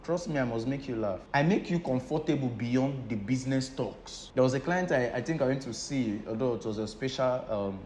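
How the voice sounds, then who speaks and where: Male business trainer with a Nigerian English accent, mid-pitched voice, teaches by rhetorical question, faint noise behind. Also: brisk, hardly any pauses, darkish tone. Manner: asks rhetorical questions and answers them himself. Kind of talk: teaching a class.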